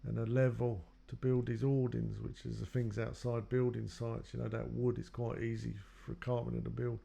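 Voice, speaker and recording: A man's voice: mid-range voice, flat delivery, normal speed, gravelly, mellow. A man telling his own life story in a loose, rambling way, acting out what others said to him. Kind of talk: personal storytelling.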